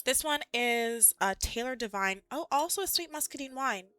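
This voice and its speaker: A woman's voice: high voice, animated, normal speed, a bit bright, dry recording. A woman streaming live, chatting casually with viewers in a rambling, giggly way, full of "like".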